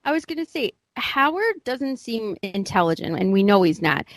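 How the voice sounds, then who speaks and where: A woman co-hosting a podcast, posing questions in a measured way. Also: medium pitch, very animated, no echo. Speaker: podcast co-host.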